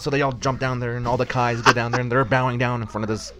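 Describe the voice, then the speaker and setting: A man's voice: mid-range voice, racing, a crowd in the background. A man co-hosting a casual podcast chat, rambling as he recaps an episode and acts out the characters' lines. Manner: rambling, animated retelling with acted quotes. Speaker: podcast co-host.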